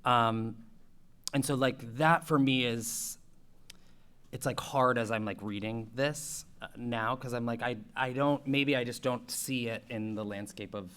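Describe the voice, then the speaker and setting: A man's voice: mid-range voice, steady tone, measured pace, fairly bright tone, clear, resonant tone. A man on a school committee asking questions at a public meeting, speaking casually and hedging often. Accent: Boston.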